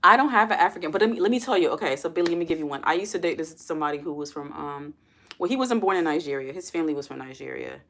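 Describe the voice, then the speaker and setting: A woman's voice: low voice, racing, a bit bright, slight background noise. A young adult woman hosting a casual livestream, chatting with viewers, calling them y'all and putting questions to her chat. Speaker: livestream host.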